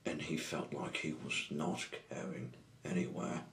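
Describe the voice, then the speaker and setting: Man, storyteller, low voice, slow reading, bright tone, echoey room. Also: level tone. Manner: unhurried, stumbles and rephrases.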